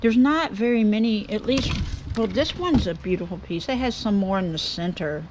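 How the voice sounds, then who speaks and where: A middle-aged Southern woman rambles along in a folksy, chatty way. She talks to her viewers from her woodturning workshop, at a middle pitch. A faint hum of noise sits behind her voice. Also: normal speed. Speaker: woodturning vlogger. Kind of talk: casual chat to camera. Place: home workshop.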